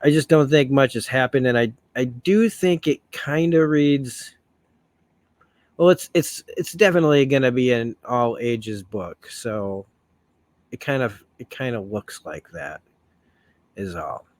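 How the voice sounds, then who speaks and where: A man's voice: mid-range voice, measured pace, dry recording. A man giving casual commentary on a comic book, rambling and correcting himself as he goes. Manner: rambling, self-correcting, laughs often.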